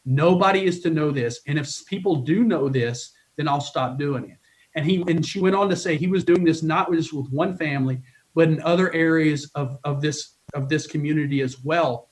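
A man's voice: fairly high pitch, moderate pace. A middle-aged man, a college baseball coach, telling a personal story in a podcast interview, earnest and emotional, with frequent restarts and repeated words.

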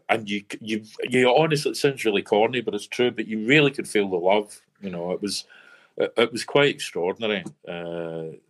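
Guy with a lowish voice in an interview, stop-start and hesitant, kinda dry and candid. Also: a bit bright. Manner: hesitant, halting with restarts. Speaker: performer. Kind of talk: conversational interview.

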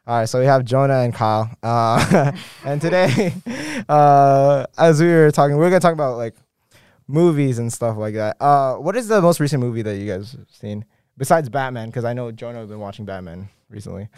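A man's voice: mid-range voice, brisk, a little mellow, smooth, dry recording, clean studio sound. A young man hosting a casual podcast chat with friends, joking and laughing often. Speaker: podcast host.

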